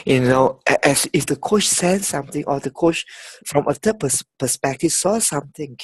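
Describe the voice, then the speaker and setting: Female facilitator on a video call, animated and affirming; low-ish voice, very expressive pitch. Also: moderate pace, husky, dry recording. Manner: animated, affirming, laughs often. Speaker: coaching course facilitator. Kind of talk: leading a group feedback discussion.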